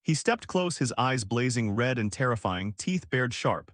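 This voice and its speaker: Lively-voiced male story recap narrator. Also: medium pitch, moderate pace, hardly any pauses, no room sound, studio quality.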